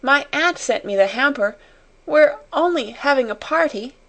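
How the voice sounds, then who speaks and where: A woman voicing a tearful young schoolgirl who pleads through sobs in a higher voice. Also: lively intonation, moderate pace, fairly bright tone. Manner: sobbing, pleading.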